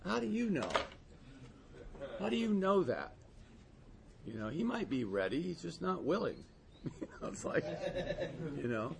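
A man's voice: fairly high pitch, big pitch swings, measured pace, creaky, pauses often, slight background noise. A man speaking candidly and conversationally at a recovery meeting, rambling with frequent asides. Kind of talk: personal testimony talk.

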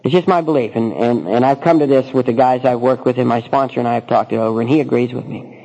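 A man's voice: mid-range voice, quick pace, mellow, low-quality recording. A middle-aged man telling a personal recovery story, rambling with many false starts. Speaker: speaker sharing recovery story.

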